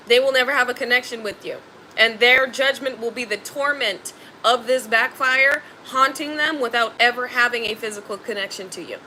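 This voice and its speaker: Woman tarot reader, bright high voice, blunt and slangy, faint noise behind. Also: low-quality recording. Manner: emphatic, blunt and slangy, swears freely. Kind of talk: spiritual tarot reading.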